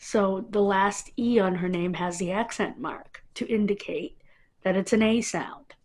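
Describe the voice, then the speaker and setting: A woman's voice: medium pitch, measured pace, darkish tone. A woman vlogger talking to camera in a casual, rambling monologue that wanders between tangents.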